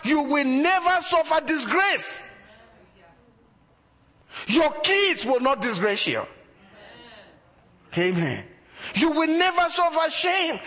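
A man's voice: very high-pitched, a bit bright, big-room sound. A man preaching a sermon as a pastor, building emphasis through repeated phrases.

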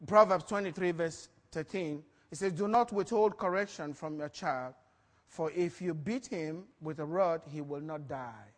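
A man preaching a sermon, telling stories with lively acted-out quotes and frequent laughter. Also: a little high, slow pace, long pauses, in a large hall. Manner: animated storytelling, acts out quotes, laughs often. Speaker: pastor.

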